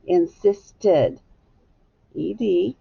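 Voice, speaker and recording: Casting: woman teacher, husky and a bit low, patient, lo-fi recording. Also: sing-song. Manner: slow, clear, patient teacher talk. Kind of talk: phonics lesson for children.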